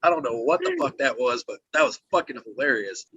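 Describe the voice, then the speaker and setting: A man's voice: medium pitch, expressive, a little fast, bright, forceful tone, husky. A man on a casual livestream panel, teasing and profane. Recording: dull lo-fi sound.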